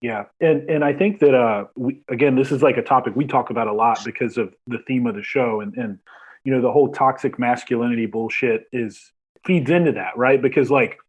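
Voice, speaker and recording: Husky man, casual rambling host. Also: mid-range voice, brisk, dull audio. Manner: casual, rambling, many fillers. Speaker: podcast host. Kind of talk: podcast interview.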